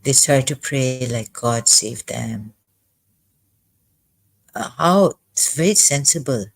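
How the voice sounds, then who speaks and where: A man commenting on scripture verses as he reads them aloud. He sounds agitated and halting, and thinks aloud as he goes. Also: mid-range voice, lively intonation, vocal fry, low-quality recording. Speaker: ex-Muslim commentator.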